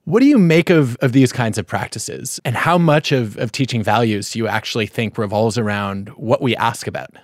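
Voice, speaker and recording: A man's voice: mid-range voice, moderate pace, few pauses, no room sound, clean studio sound. A middle-aged man hosting a podcast, telling a family story and asking reflective questions. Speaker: podcast host. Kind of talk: podcast conversation.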